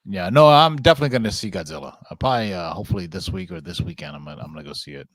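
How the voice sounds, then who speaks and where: Guy cohost, bouncy pitch, lots of ums, dry mic. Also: animated, very fast, fairly bright tone, no echo. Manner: hesitant, lots of fillers and restarts. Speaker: podcast co-host. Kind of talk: casual chat.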